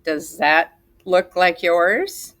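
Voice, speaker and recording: Here a woman teacher with a lowish, fairly bright voice and big pitch swings runs a recorded writing lesson for second graders. Her slow, patient, sing-song delivery walks the young kids through each step.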